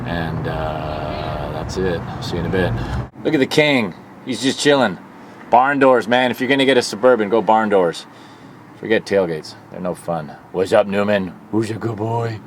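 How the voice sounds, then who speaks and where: A man with a fairly low voice talks casually and with profanity about a broken-down truck. He records himself outdoors by a busy road on a handheld phone. Traffic noise sounds clearly behind him. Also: moderate pace. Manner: casual, profane, explaining car repair. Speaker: vlogger. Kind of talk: casual roadside vlog.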